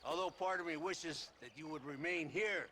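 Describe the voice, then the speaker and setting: A man's voice: a little high, normal speed, pushed and bright. An actor playing a boastful, leering male army officer who laughs and mocks as he talks. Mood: gloating. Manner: laughing, mocking, theatrical. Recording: game audio with faint noise.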